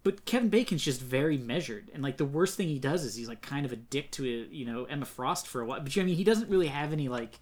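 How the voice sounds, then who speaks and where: A man's voice: mid-range voice, animated, fast talker, few pauses. A man co-hosting a comic book podcast in casual chat, opinionated and rambling, full of "like". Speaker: podcast co-host.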